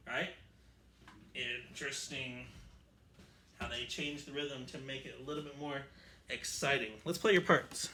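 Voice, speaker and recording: Guy teaching orchestra strings online, bright edgy voice, keeps correcting himself. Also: mid-range voice, normal speed, slight background noise. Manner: chatty, explanatory, self-correcting. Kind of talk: online music lesson. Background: violin playing.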